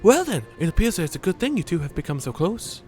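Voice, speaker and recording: A man's voice: sing-song, fast, a little mellow. Man putting on a prim British mum, mock-posh, game music under. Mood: polite. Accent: put-on British. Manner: mock-posh, raised pitch. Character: prim middle-aged mother, polite.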